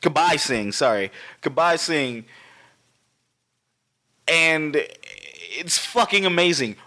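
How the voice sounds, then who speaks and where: A man co-hosting a podcast in casual chat, animated and swearing heavily, acting out scenes as he talks. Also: on the high side, slow. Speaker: podcast co-host.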